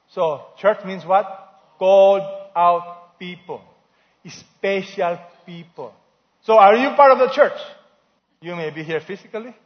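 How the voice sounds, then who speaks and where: A man preaching a sermon as pastor, asking the congregation questions and having them answer back. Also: high voice. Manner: call-and-response preaching, asks the congregation questions. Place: church hall. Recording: dull lo-fi recording in a reverberant church hall.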